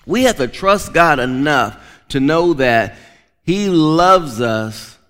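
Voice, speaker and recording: A man's voice: on the high side, animated, slow pace, a bit bright. A man preaching a sermon as pastor, emphatic, often repeating and restarting words. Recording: long reverb of a large hall.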